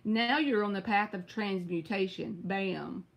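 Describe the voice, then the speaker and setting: This woman has a Southern US accent and a mid-range, creaky voice that takes its time. She's doing a live-stream tarot reading, talking in a chatty, direct way and answering viewers by name.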